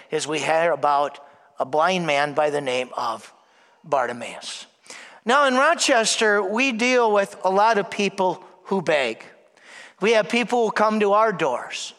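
High-voiced preacher in a reverberant church. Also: male voice. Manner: dramatic shifts from loud to hushed, acts out voices. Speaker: preacher at Mass. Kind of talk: sermon.

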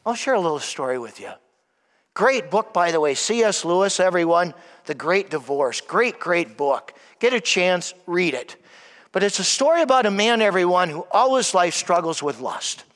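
High-voiced emphatic preacher in a church. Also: male voice, animated, moderate pace. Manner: emphatic, repeatedly addresses "everyone", drops soft for emphasis. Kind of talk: sermon. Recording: long hall reverb.

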